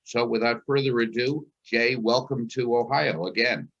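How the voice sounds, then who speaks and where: A man's voice: medium pitch, moderate pace, vocal fry, a bit bright, slight background noise. A man hosting a virtual event, introducing the keynote speaker in a friendly way over a video call. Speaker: event host. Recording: dull, lo-fi call audio.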